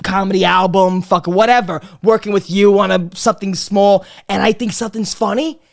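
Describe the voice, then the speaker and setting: A young man in his twenties chats on a comedy podcast. He swears freely and gets loud and animated as he acts out his family. His talk is quick and full of restarts. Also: high voice, gravelly. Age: 20s. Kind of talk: casual podcast chat.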